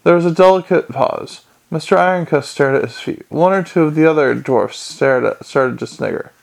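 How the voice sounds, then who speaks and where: Gravelly male audiobook narrator. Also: a little high, normal speed.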